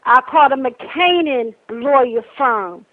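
A woman's voice: high voice, expressive, slow pace. An older woman, speaking out angrily and emphatically as a grieving grandmother, repeating her points. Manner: angry, emphatic, repeats herself. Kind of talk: impassioned public complaint. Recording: tinny phone line.

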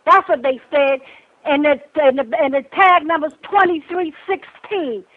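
A woman's voice: high-pitched, a little slow. An older woman, speaking out angrily and emphatically as a grieving grandmother, repeating her points. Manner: angry, emphatic, repeats herself. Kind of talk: impassioned public complaint. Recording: tinny phone line.

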